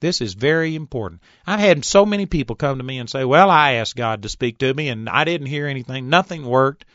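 A man in his fifties giving an earnest Bible teaching, reading scripture slowly and deliberately, on a recorded tape. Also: medium pitch, lively intonation, fairly bright tone, dry recording. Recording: dull, dry tape recording.

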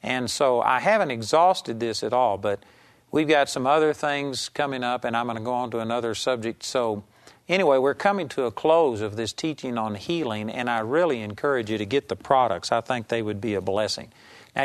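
Conversational male Bible teacher. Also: medium pitch. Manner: conversational, emphatic, reads scripture slowly. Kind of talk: teaching sermon.

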